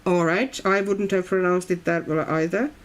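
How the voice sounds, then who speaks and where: A woman's voice: on the low side, steady tone, normal speed. Chatty woman coloring on a livestream. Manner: chatty, reads viewer comments aloud and muses. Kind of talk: casual chat while coloring. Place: at home in Brazil.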